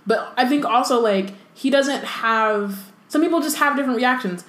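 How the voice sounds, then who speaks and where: A woman co-hosting a show, chatting in a relaxed way with lots of fillers. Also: on the high side, moderate pace. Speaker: podcast co-host. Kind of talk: casual chat. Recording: echoey room.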